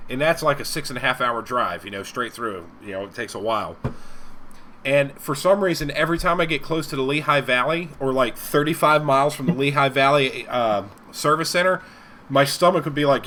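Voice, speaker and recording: A man's voice: medium pitch, sharp tone, slight background noise. A man co-hosting a live stream show, telling long rambling stories and laughing often. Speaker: co-host. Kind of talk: casual chat.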